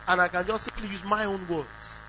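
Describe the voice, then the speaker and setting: A man's voice: high voice, lively intonation, a little fast. A man preaching a sermon who asks the congregation questions and acts out quoted prayers. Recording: dull lo-fi recording with faint hum.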